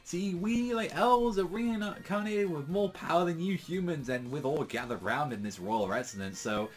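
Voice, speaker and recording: Un homme imitant un elfe arrogant et narquois. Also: male voice, fairly high pitch, animated, moderate pace, pitched above the performer's own voice, natural voice. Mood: smug taunting. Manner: smug, mocking, breezy. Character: cocky smirking male elf villain, taunting.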